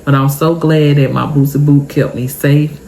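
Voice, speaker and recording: A young adult woman telling an emotional storytime vlog, tearful and expressive, talking straight to her viewers. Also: low voice, moderate pace, gravelly, a little hiss or hum. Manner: expressive, heartfelt, chatty, addresses viewers directly. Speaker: vlogger.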